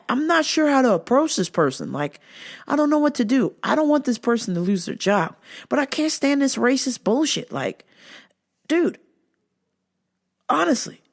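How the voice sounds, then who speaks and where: A woman hosting a podcast, talking casually to her listeners in a profane, animated rant. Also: sits high. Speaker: podcast host. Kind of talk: casual solo monologue.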